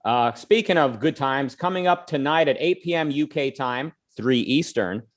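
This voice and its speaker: A man hosting a casual online panel show, talking in a lively way with plenty of fillers. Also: mid-range voice, moderate pace. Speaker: show host.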